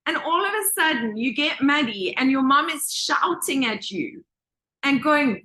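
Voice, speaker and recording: A woman teaching a manifestation course to a group on a video call, lively and acting out voices as she talks. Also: sits high, unhurried. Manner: animated, acts out quoted voices. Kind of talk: live online group session.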